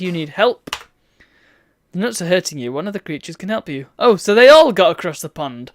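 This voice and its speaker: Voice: mid-range voice, sing-song, fairly quick, dry recording. Wry streamer playing a retro game. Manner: wry, chatty, reads game text aloud. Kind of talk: let's play commentary.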